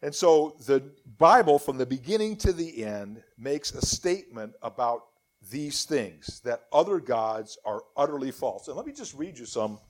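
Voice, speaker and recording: A man's voice: mid-range voice, husky. A middle-aged man preaching a sermon, reading scripture aloud with rising emphasis.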